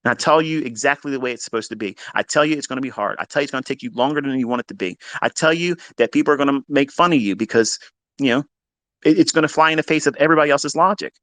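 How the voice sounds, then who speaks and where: Racing through his words in a dry, echo-free recording, a blunt man who teaches trading delivers a profanity-laced pep talk. He curses constantly, hammers points through repetition, and swings from loud bursts to low asides.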